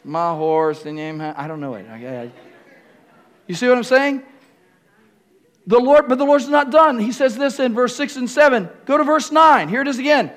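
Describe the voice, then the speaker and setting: High-voiced preaching man. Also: sing-song, normal speed, pauses often. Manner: preaching, repeats phrases, rises to shouting. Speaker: pastor. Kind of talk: sermon. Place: church room with congregation.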